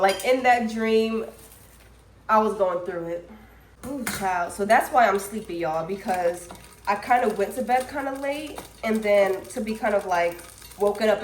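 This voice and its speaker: A young adult woman vlogger telling a story to camera in a chatty, animated way, full of "like" and "y'all.". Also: fairly high pitch. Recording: echoey room.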